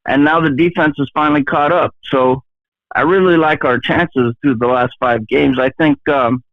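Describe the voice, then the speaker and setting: A middle-aged man calling in to a show, speaking haltingly with many restarts and a self-deprecating tone. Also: a little high, steady tone, dry recording. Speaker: caller. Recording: tinny phone line.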